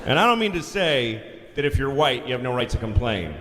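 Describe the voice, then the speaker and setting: A middle-aged man doing a stand-up comedy routine on a large theater stage, telling stories with lively voices and shouted punchlines. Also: mid-range voice, a little fast, noisy background. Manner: animated storytelling, acting out voices, shouting punchlines. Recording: live hall recording with crowd laughter. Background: audience laughter.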